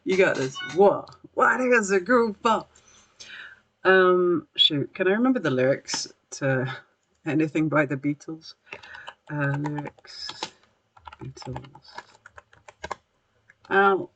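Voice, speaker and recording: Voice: mid-range voice, lively intonation, slow pace, pauses often, fairly bright tone, slight background noise. A podcast host chatting casually on a livestream, rambling with lots of fillers, apologizing and laughing at themselves. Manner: rambling, filler-heavy, self-deprecating laughs. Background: faint background music.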